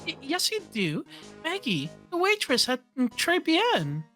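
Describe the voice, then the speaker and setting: A woman's voice: sits high, huge pitch swings, unhurried, pushed and bright, faint music behind, pitched above the performer's own voice, full character voice. A woman reading the lines of a chatty young woman sidekick in a game read-along.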